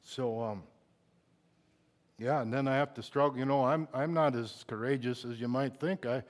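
A middle-aged pastor preaches a sermon at a moderate pace in a medium-pitched voice. He shifts between quiet, confiding talk and loud, impassioned bursts, and grows emotional at times.

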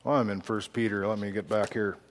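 A man preaching a sermon, moving from quiet reflective lines to loud emphatic outbursts, laughing now and then. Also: fairly low pitch, fairly even intonation, fairly quick, big-room sound, slight background noise. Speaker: pastor.

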